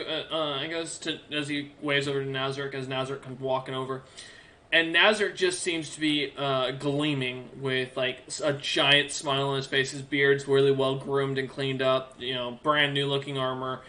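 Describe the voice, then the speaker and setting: A man's voice: medium pitch, sharp tone. A man narrating a tabletop game as game master, loosely and with many fillers.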